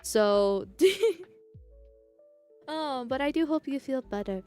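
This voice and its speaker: Rambling woman streamer, higher voice. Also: expressive, drawn-out words, dark tone, faint music behind. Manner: rambling, laughs often between tangents. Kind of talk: casual live-stream chat.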